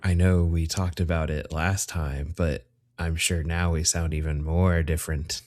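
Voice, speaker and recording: A man's voice: low voice, little pitch movement, unhurried, darkish tone. A man co-hosting a podcast at home, chatting casually and jokingly, rambling with fillers into his own microphone. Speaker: podcast co-host. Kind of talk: casual chat. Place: home room, separate from co-host.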